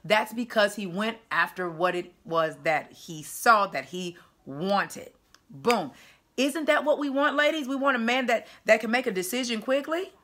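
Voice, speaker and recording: A woman's voice: on the high side, animated, unhurried, fairly bright tone. A woman dating coach giving casual video commentary in an emphatic, chatty way with punchy asides.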